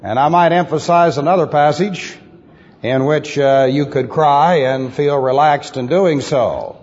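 A man's voice: fairly high pitch, a little slow, a little mellow. A man teaching a methodical sermon, repeating key phrases with emphasis, on an old recording. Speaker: pastor teaching doctrine. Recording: lo-fi old recording in a reverberant hall.

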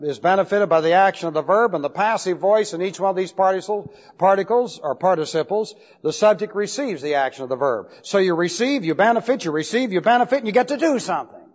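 A man's voice: sits high, lively intonation, quick pace, hardly any pauses. A man teaching Bible Greek grammar in a classroom lecture, emphatic, repeating points and spelling out key words. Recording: dull lo-fi recording with long hall reverb.

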